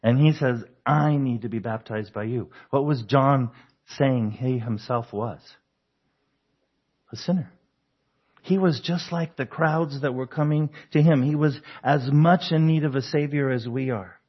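A man's voice: mid-range voice, measured pace, husky, dull audio. A man preaching a conversational sermon, asking the congregation questions and chuckling often. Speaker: pastor.

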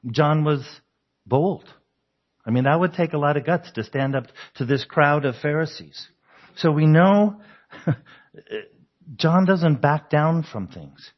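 A man's voice: on the high side, expressive, slow, long pauses, lo-fi sound. A man preaching a conversational sermon, asking the congregation questions and chuckling often. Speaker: pastor.

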